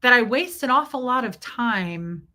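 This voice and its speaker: Woman in her forties, livestream host, rambling chat, bright and fairly high voice. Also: expressive, measured pace. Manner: rambling, thanks viewers by name as she talks.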